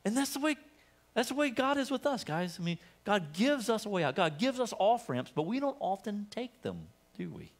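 A male pastor delivers a sermon in a church, his voice sitting a little high for a man. He keeps it conversational and light, throwing questions and jokes at the congregation as he goes. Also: very animated, normal speed. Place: church sanctuary.

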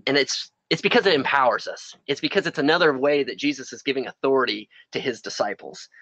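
A man's voice: medium pitch, a bit bright, no echo, highs cut off. A man preaching a sermon outdoors, earnest and repeating phrases for emphasis. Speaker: pastor. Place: outdoors in the sun.

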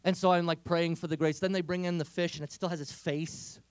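A man giving an energetic, humorous inspirational talk to teenagers, telling stories. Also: fairly high pitch, fairly quick, smooth, no room sound. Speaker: speaker.

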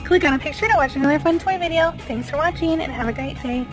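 A woman with a very high voice hosts a toy video and talks playfully to kids at home. Faint music sits under her voice. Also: quick pace. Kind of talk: playing with toys and narrating.

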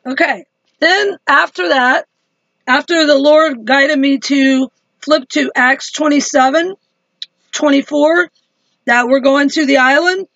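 A woman's voice: sits high, takes it slowly, fairly bright tone, no room sound, highs cut off. A woman chatting to her viewers in a casual religious video diary, laughing easily. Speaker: Christian vlogger.

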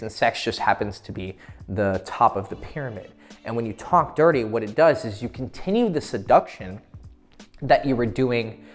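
A man giving dating advice straight to the viewer in a relaxed, profane way, often breaking into laughter mid-sentence. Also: lowish voice. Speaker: dating coach. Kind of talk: casual instructional talk to camera.

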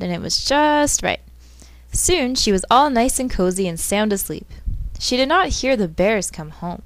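A woman telling a fairy tale and pausing to explain the math behind it. She reads steadily, lifting her voice on the story beats. The recording is dry and close, with no room sound. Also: mid-range voice, no room sound.

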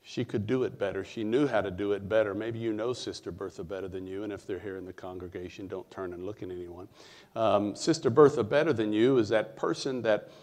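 A middle-aged male pastor preaching a sermon, telling stories in a conversational way with fillers and pauses. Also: lowish voice, a little mellow.

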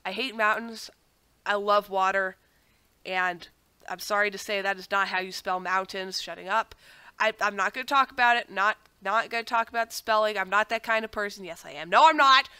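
A woman's voice: medium pitch, flat delivery, moderate pace, sharp tone, clear, resonant tone, no room sound. A young woman with a cold, rambling through casual gameplay commentary with self-mocking asides that keep sidetracking her. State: has a cold. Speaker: gaming channel host.

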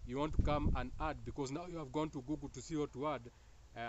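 A man's voice: mid-range voice, fairly even intonation, a little fast, highs cut off, heavy background noise. A man with a Kenyan accent giving a casual spiritual monologue, joking and laughing often between teasing and preachy asides. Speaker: spiritual talk host.

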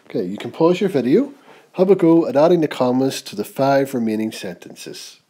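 A man teaching a grammar lesson, reading example sentences slowly and with emphasis. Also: mid-range voice, animated, warm tone. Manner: slow, clear, reads example sentences aloud with emphasis.

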